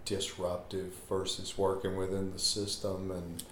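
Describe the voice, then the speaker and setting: A male interviewer asks hesitant, probing questions, feeling his way toward his point. His voice is low. The room adds noticeable echo, with faint hiss behind. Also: monotone, a little slow, fairly bright tone.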